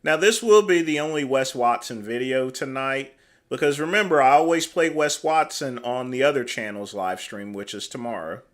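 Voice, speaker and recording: A man's voice: mid-range voice, normal speed, fairly bright tone. A man hosting a livestream, giving casual commentary with dry, mocking asides. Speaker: livestream host.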